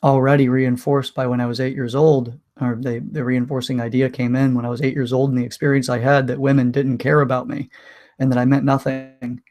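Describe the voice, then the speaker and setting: Man, candid personal storytelling, emotional, halting restarts, medium pitch. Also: little pitch movement, darkish tone. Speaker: vlogger.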